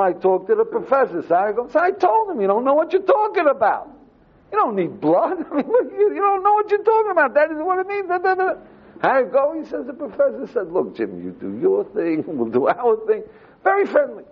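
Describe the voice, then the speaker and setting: An older man, a rabbi, telling a story with lively acted-out dialogue, on a dull lo-fi recording. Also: a little high, slightly rough. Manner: animated storyteller acting out dialogue. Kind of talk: storytelling talk. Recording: dull lo-fi recording with faint ambience.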